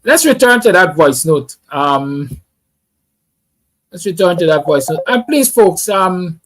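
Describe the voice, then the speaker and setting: A man's voice: sits high, big pitch swings, unhurried, low-quality recording. A man hosting a call-in show, politely and firmly reminding callers of the rules. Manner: polite, firm about rules. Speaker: host.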